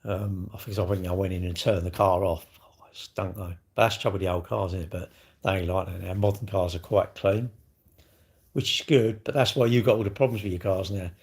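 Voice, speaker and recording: Husky low-voiced man rambling. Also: steady tone, fairly quick, a little mellow. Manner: blunt, swearing, chatty storyteller. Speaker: livestreamer. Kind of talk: casual rambling chat to viewers.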